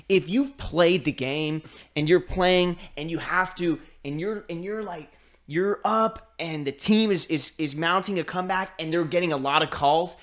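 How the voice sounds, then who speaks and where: A man co-hosting a podcast, ranting in casual chat, swearing freely and acting out quick impressions. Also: fairly high pitch, fairly bright tone. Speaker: podcast co-host.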